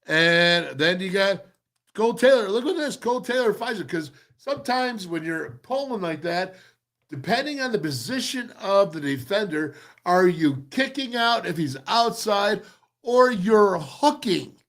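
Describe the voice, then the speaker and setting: A man with a fairly high-pitched voice talks through football film like a coach at the whiteboard. He is animated and emphatic, repeating phrases and pushing his points hard as the clips roll. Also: measured pace. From former offensive lineman. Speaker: football show host breaking down game film. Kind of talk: excited film-breakdown commentary.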